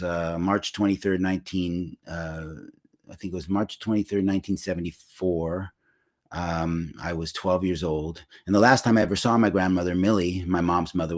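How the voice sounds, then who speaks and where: A man in his sixties telling a personal story on his livestream in a reflective, unhurried way, with many pauses and restarts. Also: lowish voice, a little mellow. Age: 60s. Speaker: singer-songwriter hosting a livestream.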